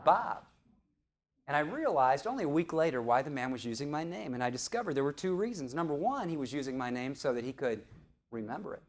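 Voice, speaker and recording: Lively middle-aged storyteller man. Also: on the high side, a little fast. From St. Louis, USA. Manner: animated, playful, quizzes the audience. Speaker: professional speaker. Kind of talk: storytelling keynote speech.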